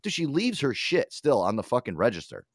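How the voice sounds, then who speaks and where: Casting: male podcast host, lively pitch, rapid and crude storytelling, dry close mic. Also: no room sound. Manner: animated storytelling with profanity and acted quotes. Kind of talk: casual chat.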